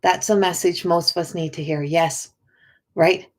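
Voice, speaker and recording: Halting, earnest woman on a live stream. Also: lowish voice, steady tone. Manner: halting, with frequent restarts and repeated words; earnest and encouraging, addressing viewers by name. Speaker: spiritual coach and oracle card reader. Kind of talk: casual live-stream chat to viewers.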